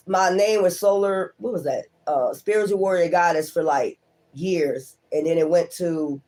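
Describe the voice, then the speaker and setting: A woman's voice: on the low side, a little mellow. A woman giving a casual tarot reading to her viewers, speaking straight to them in a profane, emphatic way and laughing often. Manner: talks straight to the audience. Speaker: tarot reader.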